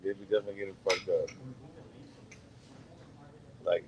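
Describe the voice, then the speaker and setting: A man's voice: sits low, flat delivery, moderate pace, lo-fi sound, a crowd in the background. A man co-hosting a casual podcast, laid-back and joking in a crude way. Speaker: podcast co-host.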